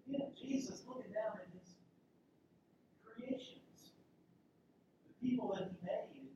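A man preaching a sermon dramatically, swinging between loud declarations and hushed whispers. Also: very animated, measured pace, pauses often, muffled recording. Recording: echoey room from far off, faint rumble.

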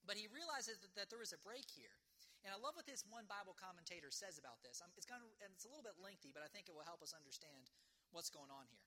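Bright-voiced man preaching a sermon. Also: sits high, expressive. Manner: conversational, earnest, with many fillers like "kind of" and "if you will"; slows down and stresses words when reading scripture aloud. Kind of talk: sermon with scripture reading.

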